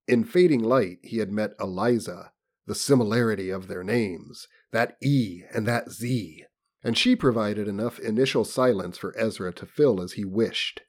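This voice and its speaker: A man's voice: lowish voice, normal speed, darkish tone. A man reading a novel aloud on a podcast in a mock-solemn, theatrical manner. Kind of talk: dramatic reading of a book on a comedy podcast.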